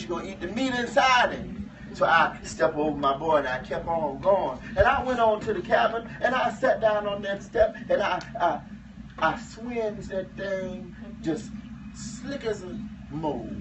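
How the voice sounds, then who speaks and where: A man's voice: sits high, normal speed, natural voice. A man playing an enslaved man in his thirties, telling a humorous tale to a live audience in dialect, with chuckling asides. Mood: folksy. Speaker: living history performer. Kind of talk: first-person historical storytelling to a live audience. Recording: muffled, distant, noisy live recording.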